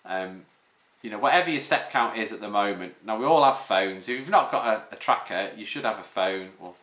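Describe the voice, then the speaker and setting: A man's voice: fairly low pitch, sharp tone. A man, a personal trainer giving a casual, rambling podcast monologue full of restarts. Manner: rambling with frequent restarts and 'um'. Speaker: personal trainer and online fitness coach. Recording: roomy echo.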